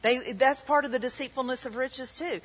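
A woman's voice: high-pitched, normal speed, fairly bright tone, husky. A woman pastor preaching a sermon with emphatic delivery, acting out the tempter's voice in quotes. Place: church hall. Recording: long reverb of a church hall.

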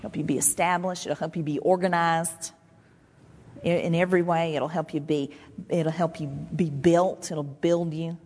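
A woman pastor preaching a sermon in a conversational, animated way. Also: sits low, moderate pace. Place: church sanctuary. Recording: long hall reverb.

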